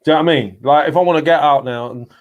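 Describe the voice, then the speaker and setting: A man's voice: fairly high pitch, racing, dull audio. A man co-hosting a casual live-stream chat, teasing his partner and firing off questions. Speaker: co-host.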